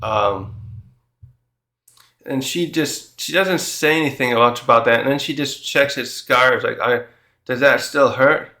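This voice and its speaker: A man's voice: medium pitch, a little slow, bright, forceful tone. Man thinking aloud in an echoey room. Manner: thinks aloud, paraphrasing dialogue in quotes. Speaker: manga reviewer and channel host. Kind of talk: casual chapter review commentary.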